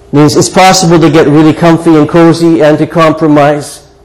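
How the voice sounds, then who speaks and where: Older guy preaching a sermon, slightly higher voice, earnest and chatty, asks lots of questions. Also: little pitch movement, fairly quick, a little mellow, rough recording. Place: church sanctuary before a congregation.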